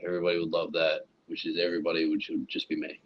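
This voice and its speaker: A man's voice: rumbling low, completely flat delivery, rapid-fire. A man co-hosting a casual livestream chat, joking and swearing freely. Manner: joking, swears freely, slips into silly put-on accents. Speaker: livestream co-host. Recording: dull lo-fi stream audio.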